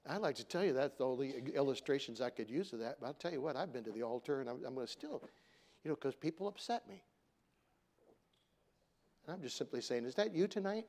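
This middle-aged pastor preaches quickly and with lively intonation, sharing a family anecdote as if chatting. He swells to loud emphasis and then settles into a quiet, low tone.

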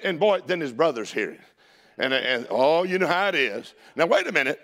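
Southern preacher, fired up, folksy, fairly high pitch, bursts into shouts. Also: male voice, brisk. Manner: animated, shouts and laughs, folksy asides. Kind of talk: sermon.

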